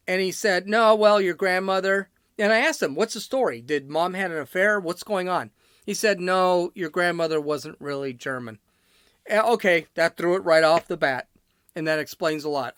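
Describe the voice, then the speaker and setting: A man's voice: fairly high pitch, fairly bright tone, dry recording, studio quality. A middle-aged man from Chicago hosting his own solo podcast, rambling, blunt and opinionated, often breaking off mid-sentence. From Chicago, USA. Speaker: podcast host.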